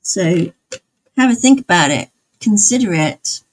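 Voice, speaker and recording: A woman's voice: medium pitch, expressive, measured pace. A woman live streamer chatting casually with her viewers, rambling and often laughing. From outside the United States.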